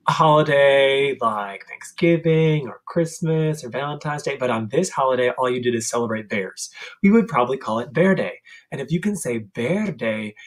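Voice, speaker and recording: Slow-paced man teaching Spanish. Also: mid-range voice. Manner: slow and deliberate, with playful sound effects and chanting. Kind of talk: classroom-style vocabulary lesson.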